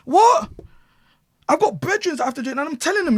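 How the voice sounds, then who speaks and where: Animated man telling stories. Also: very high-pitched, fast, no echo, studio quality. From England. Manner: loud, swearing, acts out quoted voices, laughs often. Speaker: podcast guest. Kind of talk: animated storytelling.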